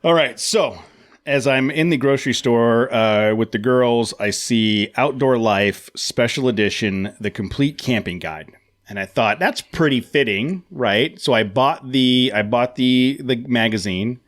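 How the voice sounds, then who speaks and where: A man hosting a podcast at an average pitch, relaxed as he reads a magazine aloud. He often trips and repeats himself, keeping things casual. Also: unhurried. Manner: laid-back, often stumbles and repeats words. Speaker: podcast host.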